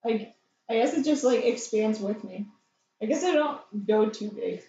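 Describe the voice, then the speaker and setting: A woman's voice: fairly high pitch, animated, moderate pace, dark tone. A woman playing in a casual tabletop game, bargaining and reading rules, laughing often. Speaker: player. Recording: echoey, dull lo-fi sound.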